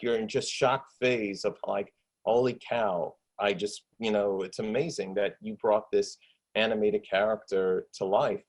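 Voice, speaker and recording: A man's voice: fairly low pitch, slightly rough, low-quality recording. Enthusiastic man rambling about his work. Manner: enthusiastic, rambling, lots of fillers. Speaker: actor and filmmaker. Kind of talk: casual video interview. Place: at home. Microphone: desktop USB microphone with pop shield.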